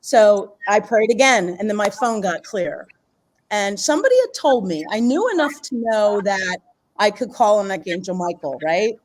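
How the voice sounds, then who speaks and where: Speaking at a normal speed with medium pitch and an animated delivery, this middle-aged author and healer recounts something personal as an interview guest. The chat is casual, and she wanders, starts sentences over, and laughs a lot.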